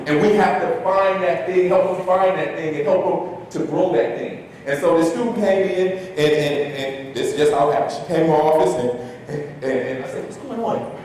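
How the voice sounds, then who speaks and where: A man giving a talk to an audience, telling a story in an animated way and acting out the dialogue. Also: brisk. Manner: animated storyteller, shifts loudness, acts out dialogue. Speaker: speaker at an education talk. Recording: echoey hall, distant mic, faint rumble.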